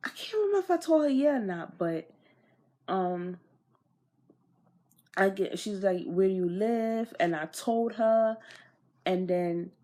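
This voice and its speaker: A young woman vlogger telling a storytime casually in slang, swearing and getting animated, recorded on an iPod camera. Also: unhurried, long pauses. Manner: animated, slangy, swears, pitch jumps when riled.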